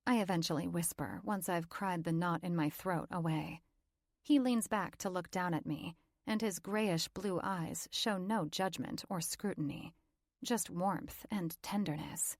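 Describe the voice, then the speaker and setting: A woman narrating a first-person romance audiobook in a calm, even reading. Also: lowish voice, a little slow, no room sound, studio quality.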